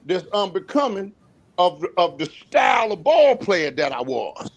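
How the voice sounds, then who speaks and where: A middle-aged man with a high voice talks trash in a casual sports chat. He brags and teases, stumbles over repeated words and breaks into laughter as he goes. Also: very animated, moderate pace. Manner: boastful teasing, repeats words, laughs often. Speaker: guest, former college basketball player.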